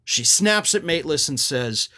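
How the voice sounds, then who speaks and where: High-voiced indignant male political commentator. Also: lively intonation, a little slow, pushed and bright. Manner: indignant, sarcastic, quotes opponents at length.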